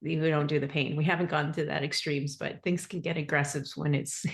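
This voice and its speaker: Canadian woman host, low voice, bubbly, playful, effusive. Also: level tone, fairly quick. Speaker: podcast host. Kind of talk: casual interview chat.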